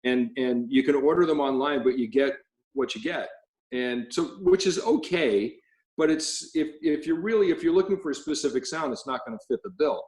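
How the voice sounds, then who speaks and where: A man, a cymbal company president, guest on an interview show, telling animated stories with laughter. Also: mid-range voice, normal speed, echoey room, rough recording. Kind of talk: storytelling in casual interview.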